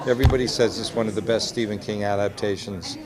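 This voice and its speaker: A man's voice: lowish voice, quick pace. Man in a noisy convention crowd. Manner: chatty, anecdotal, quotes others with lively voices. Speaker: executive producer and director. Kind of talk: convention press interview. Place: busy convention hall. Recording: crowd noise behind. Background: loud crowd chatter.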